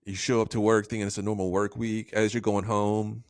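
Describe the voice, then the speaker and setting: A man co-hosting a podcast, chatting casually with a joking, animated manner. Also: fairly low pitch, fairly quick, no echo, clean studio sound. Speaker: podcast co-host. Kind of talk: casual chat.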